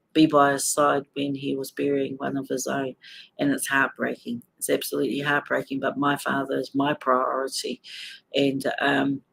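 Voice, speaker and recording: Angry New Zealand woman with a gravelly voice. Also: a bass voice. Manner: angry, swearing, addressing viewers directly. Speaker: livestream host. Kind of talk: emotional live-stream talk. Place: hospital.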